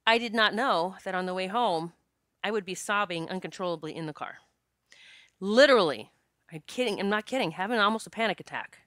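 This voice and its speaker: A woman hosting a podcast, telling a personal story in a frank, animated way, swearing and laughing as she goes. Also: medium pitch, brisk, no echo, clean studio sound. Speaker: podcast host.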